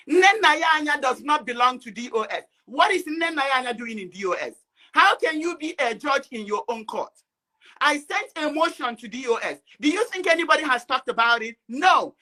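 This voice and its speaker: A woman calling in to a talk show, speaking passionately, often shouting and sometimes tearful. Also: sits high, big pitch swings, moderate pace. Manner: impassioned, rising to shouting. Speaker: caller. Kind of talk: impassioned call-in rant.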